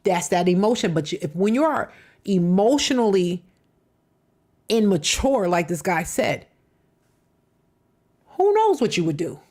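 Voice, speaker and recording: A woman's voice: medium pitch, sing-song, unhurried, long pauses, a little mellow. Middle-aged woman reacting live, emphatic, answers every clip, medium voice, chatty and personal. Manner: emphatic, talks back to clips. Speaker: reaction show host.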